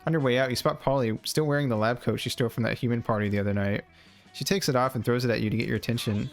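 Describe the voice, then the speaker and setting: Young male streamer, playful game reader, mid pitch, faint music bed. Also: fairly even intonation, racing. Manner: playful, puts on silly voices for characters. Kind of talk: reading a dating-sim game aloud with voices.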